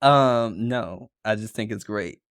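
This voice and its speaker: A man co-hosting a podcast in casual chat, playful and teasing in a relaxed way. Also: lowish voice, slow pace, clean tone, no echo, studio quality. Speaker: podcast co-host.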